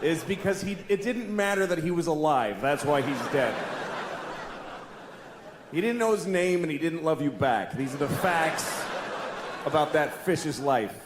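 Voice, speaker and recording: A man in his forties doing a stand-up comedy set, deadpan and exasperated, who jumps into loud squeaky put-on voices. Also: a little slow. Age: 40s. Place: large comedy venue, audience laughing. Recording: echoey live venue with noise.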